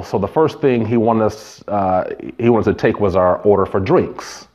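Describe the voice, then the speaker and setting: Male pastor, lowish voice, easygoing sermon with stories, dull lo-fi recording. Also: normal speed, few pauses, darkish tone. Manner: conversational preaching with stories and asides.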